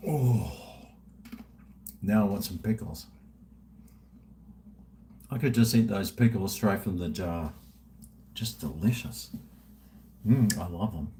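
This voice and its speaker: A man in his fifties hosts a livestream from home, chatting in a rambling, self-mocking way and talking to himself as he drinks. His voice is low and warm, and he speaks slowly with frequent pauses. There's a little background noise.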